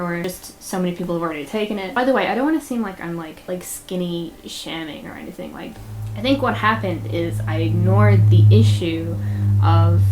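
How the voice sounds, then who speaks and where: A young woman in a personal vlog, talking candidly and a bit rambling, with frequent fillers and nervous laughs. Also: fairly low pitch. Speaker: vlogger.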